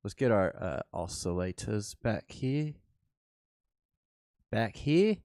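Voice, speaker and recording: Guy walking thru charts on a stream, low voice, talks real slow, lots of restarts. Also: very animated, a little mellow, dry recording, studio quality. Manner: unhurried, thinks aloud, restarts and self-corrects. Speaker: trading workshop host. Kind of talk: livestream chart walkthrough.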